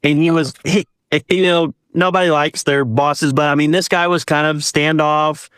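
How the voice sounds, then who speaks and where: A man's voice: fairly high pitch, moderate pace, clear, resonant tone, no room sound, clean studio sound. A man telling a personal story as a guest, casually, acting out what people said. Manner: animated, acts out dialogue with quoted voices.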